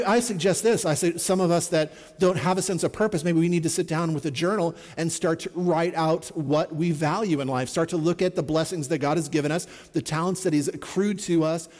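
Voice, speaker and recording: A man's voice: on the high side, a little mellow, big-room sound. A middle-aged man preaching a sermon as a pastor, in an earnest, conversational way with repeated refrains.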